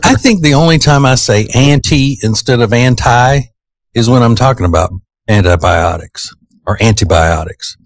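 A man's voice: medium pitch, lively intonation, moderate pace, no echo. A man with a Southern US accent, hosting a radio morning show in easygoing, self-teasing banter. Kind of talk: casual on-air banter. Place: radio studio. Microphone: studio microphone.

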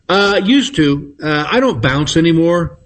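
A man from Texas in his sixties, a comedian guest telling stories in a relaxed, chuckling way, calling in by phone. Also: a little high. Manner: laid-back storyteller, chuckling, drawn-out pauses. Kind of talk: casual anecdote-telling. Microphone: phone call-in.

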